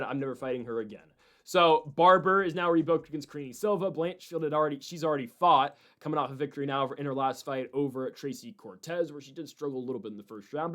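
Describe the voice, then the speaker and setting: A man hosting a show of fight predictions, rambling and opinionated in an animated way. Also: medium pitch. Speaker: host.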